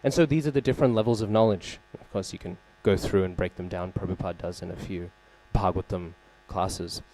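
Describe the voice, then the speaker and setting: A man leads a scripture class at a temple. His voice sits fairly low and sounds mellow and relaxed. He tells the story conversationally, with fillers, frequent "right?" check-ins, and open pauses to recall terms. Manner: openly searches for names and terms. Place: temple hall.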